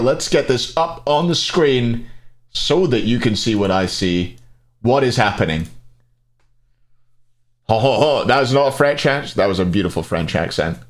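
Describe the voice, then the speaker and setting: Chatty man hosting a tournament stream. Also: medium pitch. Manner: chatty, thinks aloud, answers chat. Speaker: esports tournament host. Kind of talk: casual live-stream chat.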